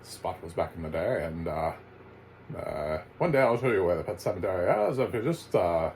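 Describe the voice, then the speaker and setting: Guy doing an old folksy neighbor man, real deep, slow drawl, lots of uhs. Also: big pitch swings, darkish tone, a little hiss or hum. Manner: slow drawl with many hesitant pauses. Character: folksy elderly male neighbor, slow and hesitant.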